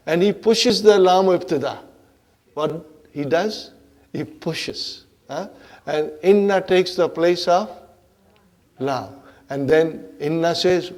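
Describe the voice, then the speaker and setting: A man teaching an Arabic grammar class, animated and playful, acting out grammar words as characters and often checking in with his students. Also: fairly high pitch, slow pace. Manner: animated, checks in with the class with frequent "Huh?" and "Are you with me?".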